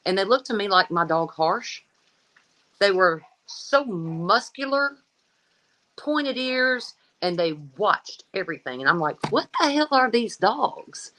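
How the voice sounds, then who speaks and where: A woman's voice: low-pitched, pushed and bright, poor audio. A middle-aged woman dog breeder in a casual interview, talking in a blunt, folksy way and swearing freely.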